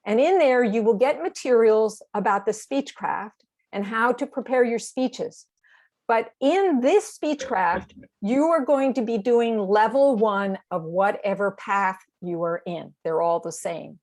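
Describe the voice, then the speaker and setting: A woman's voice: medium pitch, darkish tone. Woman leading a speech training class. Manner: encouraging, explaining step by step. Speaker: speechcraft director. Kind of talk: online training session.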